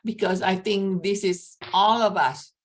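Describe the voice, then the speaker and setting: A woman's voice: medium pitch, steady tone, a little slow. A woman hosting a virtual meeting over a video call, speaking with hesitant fillers. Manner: brief affirmations, hesitant fillers. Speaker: meeting host.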